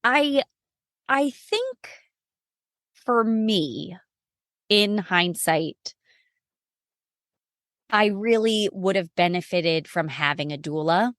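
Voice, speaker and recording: A woman guest on a podcast telling her story in a casual, expressive, self-mocking way, full of "like" fillers. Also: mid-range voice, extremely slow, pauses often, dry recording, clean studio sound. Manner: chatty with frequent "like" fillers.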